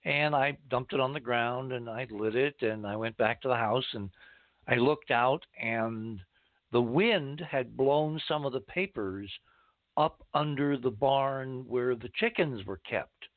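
A man's voice: medium pitch, unhurried, no echo. A man hosting a casual talk conversation, drifting through long anecdotes. His voice comes through a narrow, phone-like line. The sound is dry and close. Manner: storytelling, rambling anecdotes.

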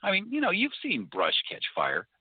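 A man chatting as a guest on a talk show, talking haltingly with many restarts. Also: high-pitched, wildly swooping pitch, breathy edge, no room sound. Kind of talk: casual talk-radio conversation. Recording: tinny phone-like line, dry.

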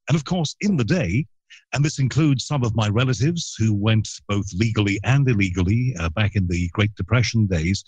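A man's voice: medium pitch, a little mellow, breathy edge, dry recording. A middle-aged man from Liverpool with a Liverpool accent, telling stories in a casual radio interview with self-deprecating humor. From Liverpool, England. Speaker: radio broadcaster guest.

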